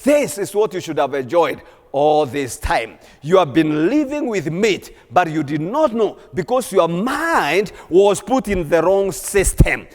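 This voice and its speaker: A man plays a wild lion mentor, firm and coaxing as he teaches a younger lion who he is. The voice sits high and swings widely, with a long hall echo around it. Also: big pitch swings, measured pace. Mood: gentle. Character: wise wild male lion, patient mentor. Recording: long church hall reverb.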